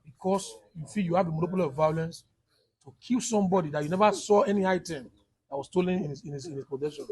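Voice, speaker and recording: A man's voice: a little high, fast talker, a little mellow, husky, low-quality recording. A man with a Nigerian accent, a human rights activist giving a firm statement in the field.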